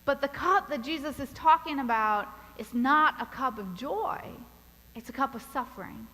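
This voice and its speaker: A woman pastor preaching a sermon in a church, telling a story in a deliberate, measured way. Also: high voice, expressive, sharp tone, long reverb tail, low-quality recording. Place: church sanctuary.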